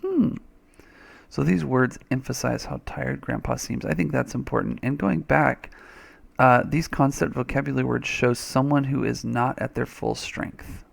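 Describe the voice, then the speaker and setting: Gravelly-voiced man teaching a reading lesson. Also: medium pitch, moderate pace. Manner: chatty, thinks aloud, playful sound effects. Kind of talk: screen-recorded reading lesson.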